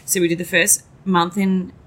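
A woman with a fairly low voice telling a long personal story in a relaxed chat. She fills her speech with "like" and swears casually. She acts out the lines of everyone in the story in lively voices. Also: moderate pace. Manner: animated, quotes herself and others in lively voices. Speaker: guest.

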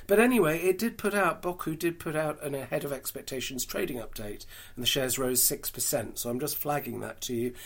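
A man's voice: mid-range voice, creaky. A British man hosting a solo podcast, giving chatty, frank market commentary full of dry asides and fillers. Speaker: podcast host.

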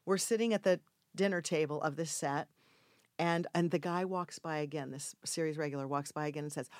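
An older woman telling a casual anecdote in an interview, acting out the quoted voices with sudden loud, high outbursts. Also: a little fast, no room sound, clean studio sound. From Mexico. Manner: animated storyteller acting out quoted lines with big jumps in pitch and volume. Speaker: actress guest telling a story.

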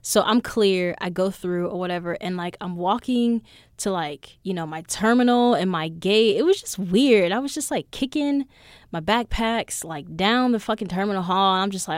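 A young woman hosts her own podcast and tells stories in a loose, animated monologue. She swears freely and keeps an average pitch. Her voice sounds close and dry, with no room echo. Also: moderate pace. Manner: profane, animated storyteller. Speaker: podcast host. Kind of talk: casual storytelling monologue.

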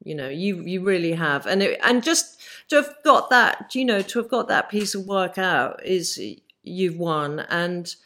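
A woman's voice: lowish voice, animated, unhurried, few pauses, sharp tone. Effusive woman interviewer. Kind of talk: casual interview chat.

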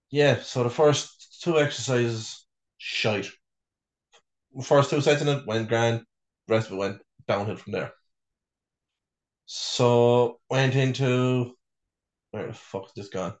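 A man with a mid-pitched voice speaks haltingly, leaning on fillers, cursing and poking fun at himself. The recording is roomy, with his voice bouncing off the bedroom walls. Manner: sweary, self-mocking, halting with many fillers. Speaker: podcast co-host. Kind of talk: casual chat.

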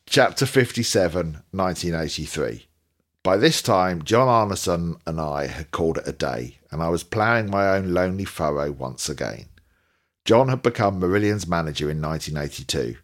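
A man's voice: sits low, expressive, normal speed, voice pushed down. A man reading a memoir aloud while imitating a sardonic older male punk poet with a Manchester accent, in a dry, sneering way. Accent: put-on Manchester.

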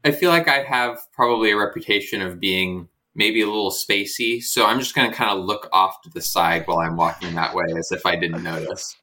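A man's voice: sits low, brisk, few pauses, pushed and bright. A man playing a tabletop game, speaking hesitantly. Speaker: player.

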